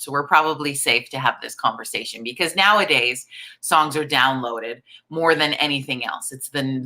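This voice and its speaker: A woman in her forties hosts a live online coffee chat, croaky from the morning. Her voice sits low, yet it is bright and forceful, and she chats along in an upbeat way. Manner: chatty, upbeat, reads viewer comments aloud. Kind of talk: casual live-stream chat.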